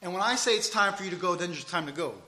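A man preaching a sermon and reading scripture aloud, emphatic, swinging between loud and soft delivery. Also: high voice, racing.

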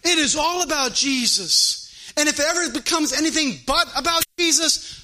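High-voiced, bright preacher. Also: male voice, animated, moderate pace, poor audio. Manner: fervent preaching with rising chanted cadence. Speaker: pastor. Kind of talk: sermon. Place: church.

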